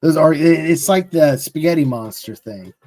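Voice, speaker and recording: A man's voice: a little high, normal speed, mellow. A man co-hosting a casual live-stream movie commentary, laid-back and swearing freely. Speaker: co-host.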